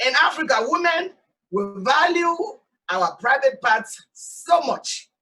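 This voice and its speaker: A woman from Sierra Leone with a Sierra Leonean accent, hosting an animated, emphatic talk monologue outdoors. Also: high-pitched, slow, recorded from a distance, low-quality recording. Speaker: host. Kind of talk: casual talk show monologue. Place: outdoors in hot sun.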